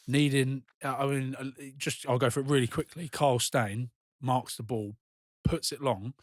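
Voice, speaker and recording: Guy, ex-player doing rugby punditry, animated, mid voice, dry close mic. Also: medium pitch, no echo. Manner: animated, talks through match action. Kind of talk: casual podcast chat.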